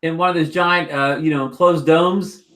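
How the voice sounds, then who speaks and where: Cohost guy on a drone stream, high voice, lots of uh and stops. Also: fairly even intonation, fairly bright tone. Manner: halting, filler-heavy. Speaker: co-host. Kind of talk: live-stream chat.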